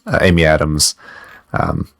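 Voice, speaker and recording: A man's voice: rumbling low, fairly even intonation, unhurried, fairly bright tone, no echo. A man co-hosting a podcast, chatting in a loose, rambling, joking way. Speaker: podcast co-host. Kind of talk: casual podcast chat.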